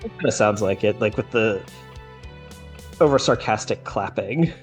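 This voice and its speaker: A man's voice: fairly low pitch, normal speed, faint music behind. A young adult man co-hosting a casual anime podcast, reacting and asking his co-host questions. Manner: relaxed, asks questions and reacts.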